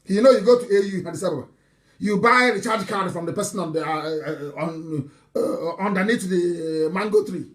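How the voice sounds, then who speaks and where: Guy doing a live broadcast, high voice, mocking, gets loud then drops low. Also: a little fast. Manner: animated and mocking, swings between loud outbursts and low asides. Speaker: broadcaster addressing followers.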